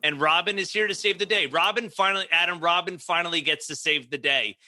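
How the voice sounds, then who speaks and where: A man hosting a casual comedy chat, telling jokey stories and slipping into quick voices for the people in them. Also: sits high, sharp tone. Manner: joking, storytelling with quick impressions and frequent laughs.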